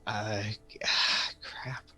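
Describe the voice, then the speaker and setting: A man playing a tabletop game, speaking haltingly for his character. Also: bright, forceful tone, whispered, soft background music. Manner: hesitant, halting in-character speech. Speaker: player.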